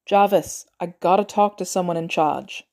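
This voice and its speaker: A blunt, weary soldier who curses freely, as a woman reads him aloud. The voice is mellow and dark at the core, his words clipped and hard. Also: lowish voice, normal speed, natural voice. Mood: wary. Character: gruff weary male ex-soldier.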